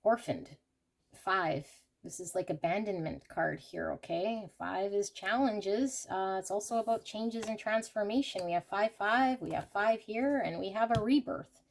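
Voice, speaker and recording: A woman's voice: medium pitch, gravelly. A woman giving a pick-a-card tarot reading to her viewers, talking emphatically with rants and many "okay"s. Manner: emphatic, ranting, rapid asides; frequent fillers like "okay" and "here". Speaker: tarot reader. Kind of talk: intuitive tarot reading to camera.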